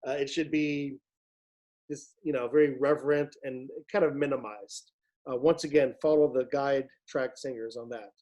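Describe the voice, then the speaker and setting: A man's voice: mid-range voice, fairly even intonation, normal speed, a little mellow. A man directing a virtual choir rehearsal, patiently explaining Latin diction and demonstrating each sound. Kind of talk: online rehearsal instruction.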